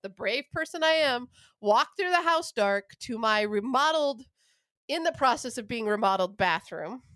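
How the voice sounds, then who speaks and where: Woman, young adult, casual storyteller, profane, rambling, higher voice, dry sound. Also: normal speed, dry recording. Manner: rambling, profane, animated anecdote-telling.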